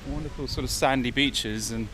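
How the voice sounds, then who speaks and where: With a mid-range voice at a moderate pace, an Englishman records a casual walk-and-talk vlog outdoors on a beach, offering a meandering, opinionated monologue amid background noise.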